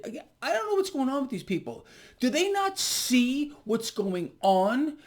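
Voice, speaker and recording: A man's voice: high voice, darkish tone. A man hosting his own market commentary vlog, talking in an emphatic, indignant way and repeating his points.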